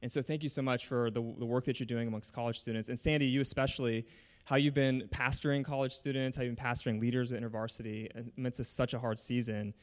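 A man's voice: mid-range voice, steady tone, fast talker. Earnest man hosting a church service. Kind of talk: introducing guests and leading prayer.

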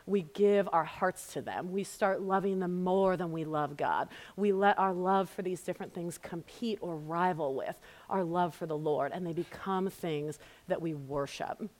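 A woman in her thirties leads a women's Bible study with a slightly low voice. She talks in an earnest, storytelling way, warm and personal. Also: measured pace. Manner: warm, storytelling, earnest, softening to a hushed prayer. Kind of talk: women's ministry teaching talk. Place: church women's gathering, live audience.

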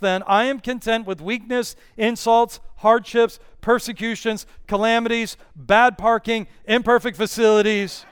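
A male pastor preaching an earnest, measured sermon with Bible readings. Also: sits high, a bit bright, clear, resonant tone, dry recording, clean studio sound.

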